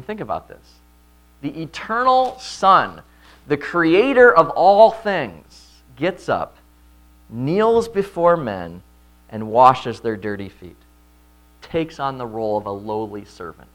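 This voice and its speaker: A man preaching an expository sermon, often checking in with listeners with "right?" and loudly voicing quoted lines. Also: mid-range voice, sing-song, takes it slowly, long pauses. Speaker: pastor.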